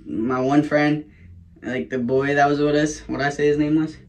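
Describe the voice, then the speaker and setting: Young man vlogger, casual storyteller, slightly high voice, swears freely. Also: little pitch movement, normal speed. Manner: casual, profane, rambling with laughs.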